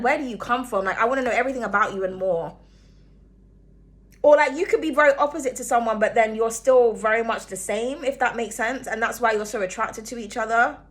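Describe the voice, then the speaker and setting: A woman giving a casual tarot reading, chatty and rambling, swearing freely and humming as she thinks. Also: fairly high pitch. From outside the United States. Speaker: tarot reader.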